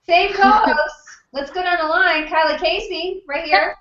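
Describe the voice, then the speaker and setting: Echoey, lo-fi webcam audio captures a woman hosting a casual book club video call from her home desk, chatty and teasing, on a computer mic that starts out as the wrong one. She has a very high, fairly bright voice and a measured pace.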